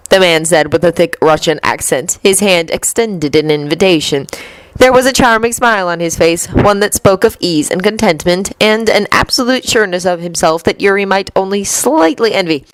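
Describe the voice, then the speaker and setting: A woman narrating a story with a steady, measured reading. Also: lowish voice, no echo, low-quality recording. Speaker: reader. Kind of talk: storybook narration of fan fiction.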